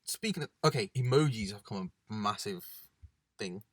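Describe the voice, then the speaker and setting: A man's voice: fairly low pitch, expressive, normal speed, no echo, studio quality. A young man co-hosting a casual chat in a parked car, laid-back and rambling with plenty of fillers. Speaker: co-host.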